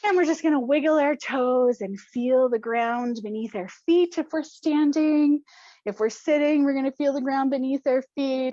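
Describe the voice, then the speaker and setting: A woman coach leading a stress-release exercise, playful and encouraging, laughing often and breaking into loud cheers. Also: high-pitched, moderate pace, no room sound, muffled recording. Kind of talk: guided group exercise instruction.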